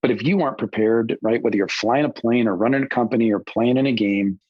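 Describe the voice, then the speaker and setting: A man's voice: mid-range voice, fast talker, slightly rough, no echo. A man who is a company CEO, speaking as a podcast guest in an emphatic, motivational way. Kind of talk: conversational interview. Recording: dull, slightly lo-fi audio.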